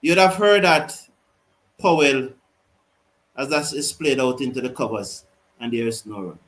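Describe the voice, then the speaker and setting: A man hosting a live cricket watch-along, mixing excited commentary with reading out viewer comments. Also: medium pitch, measured pace, low-quality recording.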